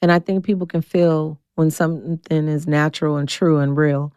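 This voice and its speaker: A woman in her forties talks bluntly and with energy, a straight shooter retelling her story for an interview. Her voice sits low and smooth, recorded dry and close. When she quotes people, her pitch leaps sharply upward. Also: moderate pace, dry recording. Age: 40s. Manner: blunt, animated, acts out quotes with big pitch jumps. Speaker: guest.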